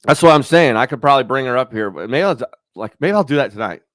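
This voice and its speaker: Talking quickly with lively intonation, this YouTube host has a medium-pitched, fairly bright voice recorded cleanly in the studio with no room sound. He thinks out loud in a casual, profane, rambling way on his own channel.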